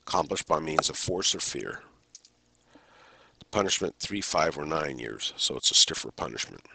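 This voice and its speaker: A man giving a recorded criminal justice lecture in a measured, deliberate way, pausing and sometimes restarting a phrase. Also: sits low, a bit bright. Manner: measured, deliberate delivery with pauses and occasional restarts.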